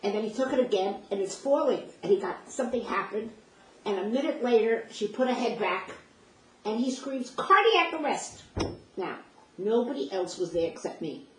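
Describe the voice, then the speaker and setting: Her voice sits in the mid-range, a little mellow, and she talks briskly. The older woman relives her memories in a vivid first-person account, voicing the dialogue with feeling, all caught on a roomy, distant mic with faint background noise.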